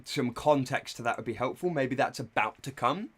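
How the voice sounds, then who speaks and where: A man's voice: mid-range voice, normal speed, a bit bright, breathy edge. Blunt man in live reaction commentary. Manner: loose, irreverent and blunt. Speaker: streamer.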